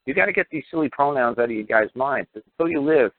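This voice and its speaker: A blunt, profane man lectures a caller on a call-in radio show, swearing freely and hammering his points home. His voice sits at an ordinary pitch and comes through a dry, tinny phone line. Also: animated, fast talker, dry recording.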